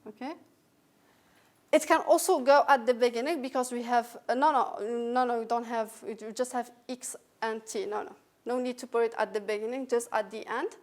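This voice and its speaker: A woman's voice: fairly high pitch, steady tone, normal speed. A woman with a French accent teaching an English phonetics lesson, patiently repeating example words.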